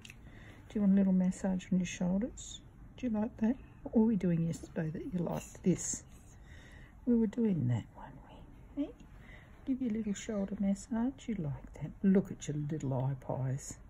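An Australian woman coos sing-song baby talk to a tiny bat in her care. Her voice is dark and mellow with a gravelly edge, soft and fond. A faint hiss sits under the recording. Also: mid-range voice, lively intonation, normal speed, low-quality recording. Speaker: wildlife carer.

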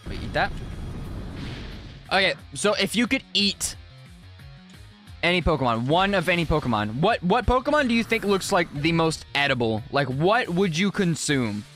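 A young male streamer commenting on his gameplay live and chatting with his viewers. His voice sits fairly high and swings widely in pitch, loud outbursts mixed with easy casual slang, over faint game music. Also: normal speed, long pauses. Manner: animated, exclaiming, casual slang.

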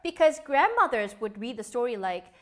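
A woman's voice: fairly high pitch, very animated, normal speed, fairly bright tone. A young woman, hosting a live quiz show in playful, giggly chat while reading out viewer comments. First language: Korean.

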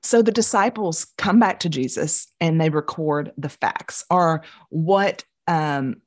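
Low-voiced woman teaching scripture. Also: slow pace. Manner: animated storytelling, acting out the disciples' voices. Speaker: Bible teacher. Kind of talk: Bible study teaching.

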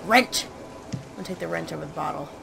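A woman's voice: sits low, fairly even intonation, very fast, gravelly, background noise. A woman hosting a let's play, chatting and reading game notes aloud in a self-mocking way. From United States. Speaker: gaming channel host.

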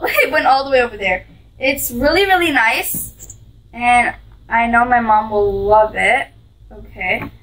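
A woman's voice: high voice, fairly bright tone, far from the mic, poor audio. A female vlogger chatting sweetly through a gift unboxing, gushing over each item as she describes it.

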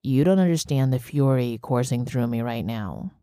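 A woman voicing an angry young male bear shifter in an audiobook, speaking slowly with a menacing growl. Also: a bass voice, warm tone, dry recording, clean studio sound. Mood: furious.

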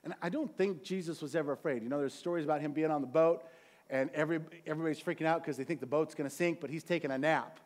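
A man preaching a sermon as pastor, passionate, swinging from quiet, quick asides to loud, drawn-out peaks. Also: on the high side. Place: church sanctuary.

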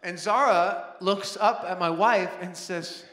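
A man in his thirties preaching a sermon in a church, animated, acting out family scenes with bursts of shouting. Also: high voice, slow. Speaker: pastor. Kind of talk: sermon with storytelling. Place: large church auditorium. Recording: echoey hall with long reverb.

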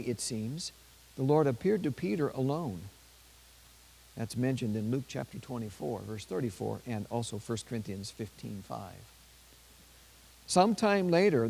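A man with a dark, mellow voice reads aloud from a saint's life at a measured pace. Now and then he stops to add a quick aside in his ordinary speaking voice. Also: medium pitch, creaky, rough recording. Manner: measured reading with brief spoken asides. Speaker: priest.

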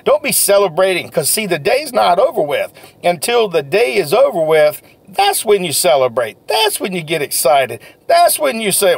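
Lively, gravelly-voiced male sales coach. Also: high voice, moderate pace, no room sound. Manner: energetic, folksy, repeats key phrases. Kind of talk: motivational talk to camera.

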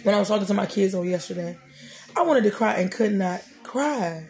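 A woman's voice: medium pitch, animated, brisk, darkish tone, faint music behind. A middle-aged woman, hosting a podcast and praying and talking about faith in a preacherly, repetitive cadence. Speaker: podcast host. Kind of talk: prayer and faith talk.

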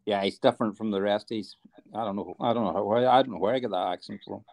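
A man's voice: fairly low pitch, fast talker, a little mellow. Teasing man on a livestream. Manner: teasing, laughs easily. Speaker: livestream panelist. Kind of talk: casual banter.

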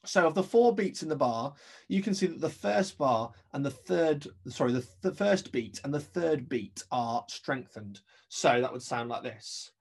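Gravelly-voiced male music teacher. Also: medium pitch, lively intonation, a little slow, a little mellow. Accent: English. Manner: explains step by step, counts beats aloud. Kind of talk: recorded remote lesson.

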